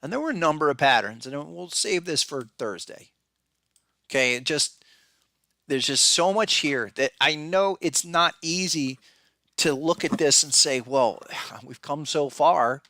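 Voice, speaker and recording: A man's voice: fairly high pitch, unhurried, pushed and bright, no room sound, studio quality. A man hosting a podcast, giving blunt, conversational market commentary and thinking aloud with frequent restarts. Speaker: podcast host and market analyst.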